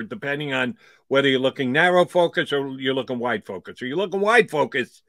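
Male sports radio co-host, bright and punchy, wry and jokey, dry close mic. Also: medium pitch, no room sound. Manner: wry, animated, jokey asides. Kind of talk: casual sports talk.

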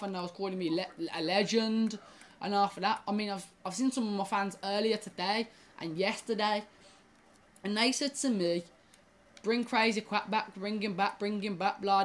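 A young woman rambles to her viewers while playing a game, often restarting her sentences and swearing at the game. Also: medium pitch. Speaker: gaming YouTuber. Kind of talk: casual gaming commentary.

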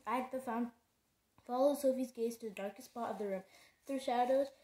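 A woman reads a novel aloud in a fairly high but mellow voice, stumbling over words now and then and correcting herself. Her reading has a steady, plain delivery. The sound carries an echoey room around her. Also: fairly quick. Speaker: reader.

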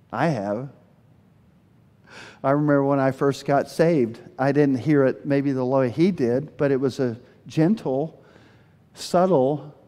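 Animated pastor in a reverberant church. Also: male voice, fairly high pitch. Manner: animated storytelling, voices quoted speakers with bursts of energy. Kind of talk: sermon. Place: church sanctuary. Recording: long hall reverb.

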